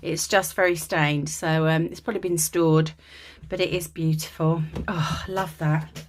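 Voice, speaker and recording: Speaking low, steady and a little slowly, a woman from England shows off vintage linens from a dim room in her home. She's gushing and chatty in this casual vlog, with plenty of ums, and there's slight background noise.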